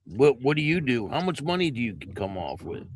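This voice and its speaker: A man's voice: mid-range voice, big pitch swings, a little fast, husky. A man hosting an interview podcast and asking short, plain questions. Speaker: podcast host. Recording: noisy background.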